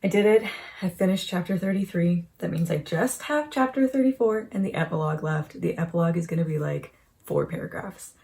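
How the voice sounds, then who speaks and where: A woman's voice: on the low side, lively intonation, fairly quick, creaky, warm tone, husky. A young woman vlogging about her writing day, chatty and self-mocking, sometimes dropping into a whisper. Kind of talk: casual writing vlog.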